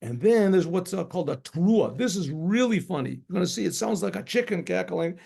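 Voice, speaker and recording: A rabbi spins a story aloud in a loose, conversational way, circling back and imitating the sounds he describes. His voice is gravelly with a mellow, darker tone, pitched a bit above the usual for a man. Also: animated, brisk. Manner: rambling, conversational, acts out shofar blasts. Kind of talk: spoken storytelling.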